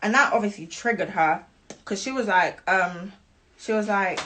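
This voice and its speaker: A young woman talks straight to her viewers, retelling a falling-out. Her voice sits at a middle pitch, and she sounds chatty and indignant as she keeps checking that they follow her. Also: normal speed, bright, forceful tone, a little hiss or hum. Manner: chatty, indignant, keeps asking "do you know what I mean". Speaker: vlogger telling her side. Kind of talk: casual storytime on a live stream.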